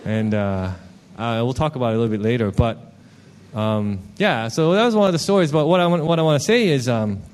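A man preaching a casual, animated sermon, telling a personal story with frequent asides. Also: medium pitch, fairly quick. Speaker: worship leader preaching.

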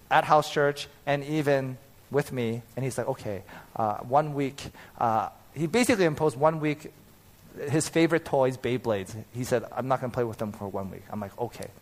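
A man in his thirties preaching as a pastor, telling a personal story with animated, acted-out quotes and frequent laughter. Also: mid-range voice.

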